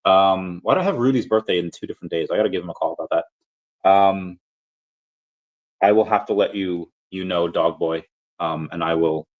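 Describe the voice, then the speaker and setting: A man's voice: sits low, normal speed. A man hosting a casual livestream, rambling and chatting with viewers, full of fillers and restarts. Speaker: livestream host. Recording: dull lo-fi audio.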